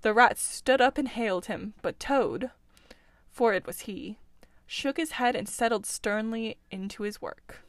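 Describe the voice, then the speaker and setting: A woman reading a classic storybook aloud in a steady, expressive narration. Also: medium pitch, normal speed, no room sound. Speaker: audiobook reader.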